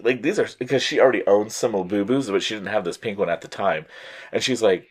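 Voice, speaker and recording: Speaking fast in a lowish, breathy-edged voice, a Colorado man co-hosting a toy show chats casually. He's congested from allergies, and his storytelling is animated as he imitates how others reacted.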